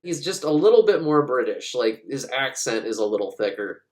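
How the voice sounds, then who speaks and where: A man sarcastically recaps a film in casual talk, swearing and jumping into quick put-on voices to act out the characters' lines. His mid-range voice is sing-song with a darkish tone.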